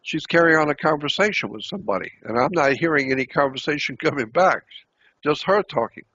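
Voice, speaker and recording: A man's voice: fairly high pitch, animated, fairly quick, pushed and bright, slight background noise. An older man telling a story at length, repeating himself as he recounts what was said to him. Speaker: interview guest. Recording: dull lo-fi recording.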